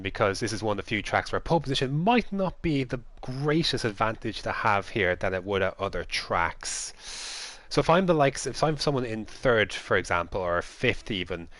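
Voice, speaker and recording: A man giving lively play-by-play commentary on an esports race, chuckling now and then. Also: lowish voice, no room sound. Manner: lively play-by-play with light laughs.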